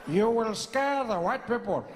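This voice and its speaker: A man doing a slow, grand, dryly teasing elderly statesman in a stand-up impression, dragging out every word. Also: sits high, lively intonation, in a large hall, noisy background. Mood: amused coaching. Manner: slow, drawn-out, deliberate delivery with long pauses.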